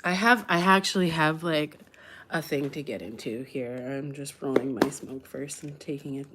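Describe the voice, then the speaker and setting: A young woman from Canada's west coast talks on a live stream in a loose, rambling way. Her voice sits a little low, and she restarts sentences often. At times her voice sinks almost to a whisper. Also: normal speed, heavy background noise. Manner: rambling, relaxed, answers chat, many restarts. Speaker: livestreamer. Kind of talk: casual live-stream chat.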